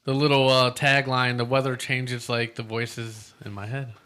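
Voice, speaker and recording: A man's voice: mid-range voice, level tone, moderate pace, bright, forceful tone, clean tone. A man hosting a comedy podcast in a laid-back, wry manner. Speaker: host.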